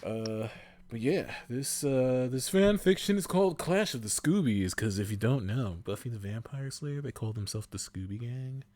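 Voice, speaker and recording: A man's voice: medium pitch, animated, normal speed, warm tone. A man hosting a podcast, reading fan fiction aloud and often laughing. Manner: giggly, breaks into laughter. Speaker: podcast host.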